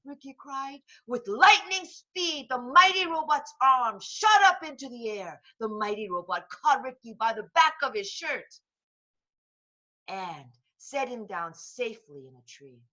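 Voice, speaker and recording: A woman reading a children's book aloud in a slow, expressive voice. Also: fairly high pitch, lo-fi sound. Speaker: storybook reader.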